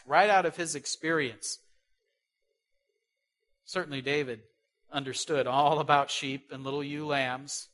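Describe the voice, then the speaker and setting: A man preaching a sermon who asks rhetorical questions and swings between loud stresses and soft asides. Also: medium pitch.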